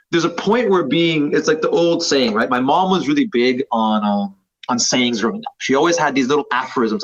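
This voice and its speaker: A man in his thirties with a medium-pitched, fairly bright voice appears as a podcast guest. He's a jiu-jitsu instructor who rambles, downplays himself and uses lots of fillers in this casual chat, and the audio is slightly dull.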